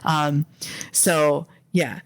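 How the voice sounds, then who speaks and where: American woman host, casual profane rant, slight fry in the voice, dry close sound, mid pitch. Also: extremely slow, no echo. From American, Philadelphia area. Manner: profane, animated, self-interrupting. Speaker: indie author and podcast host. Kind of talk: casual ranting monologue.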